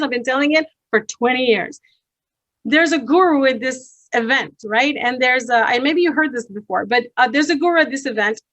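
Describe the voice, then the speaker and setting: High-voiced energetic woman coach. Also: dry recording. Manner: energetic, fast and persuasive with storytelling. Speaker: speaking coach presenting to an online audience. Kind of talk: motivational webinar talk.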